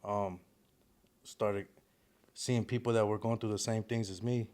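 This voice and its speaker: A young man talks in a relaxed, slang-heavy way. His voice sits somewhat low, with plenty of fillers like "you know what I'm saying" and quick laughs. It sounds like a loose, casual podcast chat. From East Palo Alto, California. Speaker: guest rapper.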